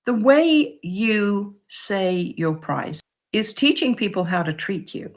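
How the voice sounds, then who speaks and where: A woman's voice: medium pitch, slow pace. A woman vlogger who makes upcycled clothing, giving casual, encouraging advice to camera and acting out customers. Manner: encouraging, lively, acts out customer quotes.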